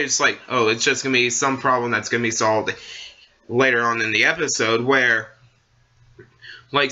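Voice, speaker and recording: Rambling young man with a bright voice. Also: on the high side, dull audio. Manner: rambling, full of fillers and restarts. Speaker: vlogger. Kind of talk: casual opinion rant.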